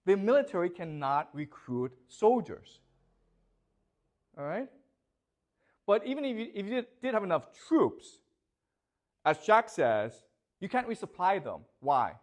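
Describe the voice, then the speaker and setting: Lively lecturing man, always asking "okay?". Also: high-pitched, measured pace, long pauses. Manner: constantly checks understanding with "okay?" and rhetorical questions. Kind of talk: classroom lecture.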